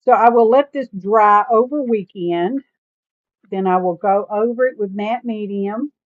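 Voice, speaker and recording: A woman hosting a casual crafting livestream, chatty and folksy and quick to laugh. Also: medium pitch, dry recording. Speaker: livestream host. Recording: tinny phone-like sound, dry.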